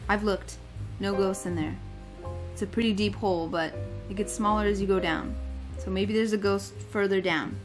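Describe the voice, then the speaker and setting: A woman's voice: mid-range voice, steady tone, normal speed, music in the background, close to an everyday voice. A woman reading aloud the lines of an earnest, mopey ghost scientist character in a video game. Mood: glum.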